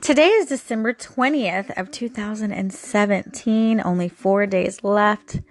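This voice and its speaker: A woman hosts a daily encouragement show, speaking casually and with open emotion about her faith, and using frequent fillers. Her voice is medium-pitched and fairly bright, with no echo.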